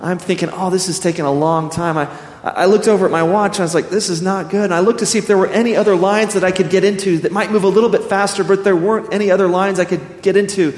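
A man's voice: high voice, quick pace, hardly any pauses. A man preaching a sermon as a pastor, telling a personal story and acting out his own thoughts before turning to scripture. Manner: storytelling, animated quoting of himself. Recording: echoey hall.

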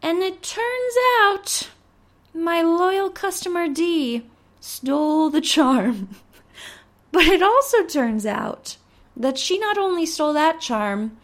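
A young woman hosting a podcast, telling a story in a casual, animated, rambling way, with lots of "like" and some swearing. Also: very high voice, slow pace. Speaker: podcast host.

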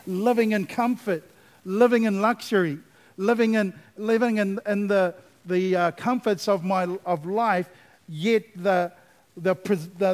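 A man preaching a sermon as pastor, asking the congregation for responses and building to emphatic, repeated refrains. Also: sits high.

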